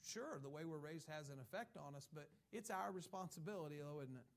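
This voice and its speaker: Animated and a little fast, a pastor of Irish ancestry delivers an emphatic sermon in a slightly high, creaky voice. Along the way he reads from scripture and imitates people's excuses.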